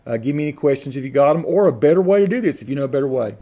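A man's voice: mid-range voice, expressive, very fast, warm tone. A middle-aged man giving a casual screen-recording tutorial, folksy and rambling, often correcting himself mid-sentence. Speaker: video tutorial host.

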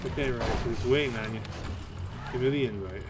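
A man's voice: medium pitch, a little fast, noisy background. A man giving casual, playful let's-play commentary, goofing around with silly sound effects. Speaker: gaming channel host.

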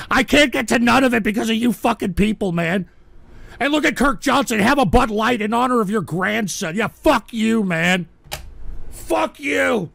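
A man hosting a livestream radio show, ranting angrily and swearing, often shouting at his chat. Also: high-pitched, gravelly, no echo.

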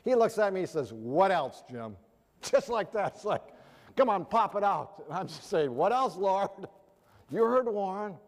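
A middle-aged man preaching a storytelling sermon to an audience, animated and acting out the people in his story. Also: sits high, unhurried. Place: large hall with an audience. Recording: long hall reverb.

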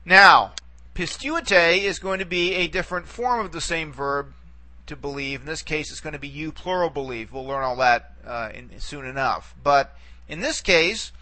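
A man's voice: a little high, moderate pace, sharp tone. A man teaching a recorded lesson, patient, repeating words and checking in with frequent "okay?" prompts. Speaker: Greek language teacher. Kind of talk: recorded video lecture.

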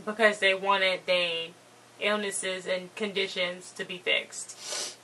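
A woman's voice: mid-range voice, flat delivery, slow, pushed and bright, a little hiss or hum, rough recording. A woman co-hosting a casual TV recap, chatting, agreeing and adding details. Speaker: TV recap co-host.

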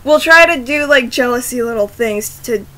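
Giggly woman rambling into her laptop mic, high bright voice, keeps tripping over her words. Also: normal speed. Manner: giggly, rambling, often restarting and apologizing. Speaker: vlogger. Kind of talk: casual chat to camera. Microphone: laptop camera microphone.

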